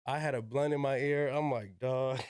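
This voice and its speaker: Young dude spinning a story on a podcast, says yo and like a lot, cusses, smooth clean voice, mid pitch. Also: male voice, steady tone, normal speed, a little mellow, dry recording. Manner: slangy, peppered with "yo" and "like", swears freely. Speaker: podcast guest. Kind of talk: casual storytelling.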